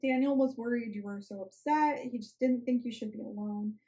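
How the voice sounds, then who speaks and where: A woman reading the lines of a caring older sister, gentle and reassuring. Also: on the high side, normal speed, natural voice.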